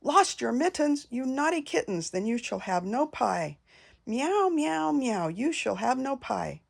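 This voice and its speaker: A woman's voice: high voice, big pitch swings, unhurried, vocal fry, pitched above the performer's own voice, heavily acted. Grandmother doing a scolding mother cat. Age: older. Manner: sharp scolding singsong.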